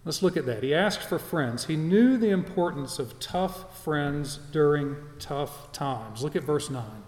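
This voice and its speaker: Male pastor, fairly high voice, earnest and emphatic sermon delivery with repeats, recorded in a reverberant church hall. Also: animated, a little slow, a little mellow. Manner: earnest, emphatic, with repetitions and restarts. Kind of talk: expository sermon.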